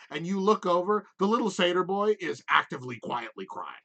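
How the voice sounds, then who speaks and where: Game master, man, bright voice, rambling narration full of fillers. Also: sits high, sing-song, a little fast, hardly any pauses, muffled recording. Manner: rambling, lots of "like" and "um".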